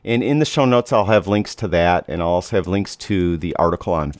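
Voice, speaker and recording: A man hosting his own podcast, talking in a relaxed, conversational way with fillers and self-corrections. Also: sits low, a little fast, no echo, studio quality. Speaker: podcast host. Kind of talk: casual solo podcast talk.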